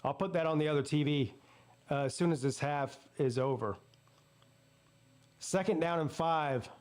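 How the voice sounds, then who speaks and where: A man with a Southern US accent hosting a live watch-party stream, calling plays excitedly and jumping up in pitch on big plays. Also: moderate pace. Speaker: sports streamer host.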